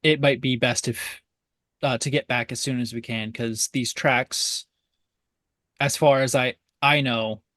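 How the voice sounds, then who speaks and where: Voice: mid-range voice, steady tone, unhurried, a bit bright, no room sound. A player in a tabletop game, asking questions hesitantly with many fillers.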